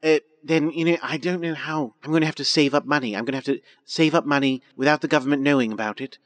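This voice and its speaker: A man's voice: a little high, fairly even intonation, quick pace. A man in improvised comedy chat, talking in a hesitant, stammering, aggrieved way.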